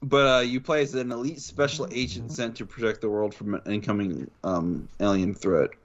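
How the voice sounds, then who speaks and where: A man's voice: on the low side, steady tone, moderate pace, muffled recording. A man co-hosting a casual gaming news podcast, summing up stories with dry jokes. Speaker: podcast co-host.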